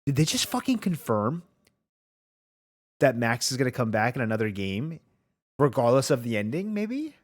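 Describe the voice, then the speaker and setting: A man streaming a game reaction rant, excitable and profane, constantly calling out bro and dude. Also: medium pitch, normal speed, pauses often. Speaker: gaming streamer. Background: game music.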